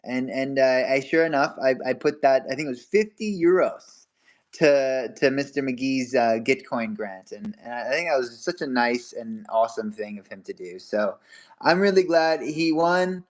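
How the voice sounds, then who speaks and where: A man's voice: mid-range voice, normal speed. A young man hosting a casual livestream, chatty and laughing often as he rambles through stories. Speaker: livestream host.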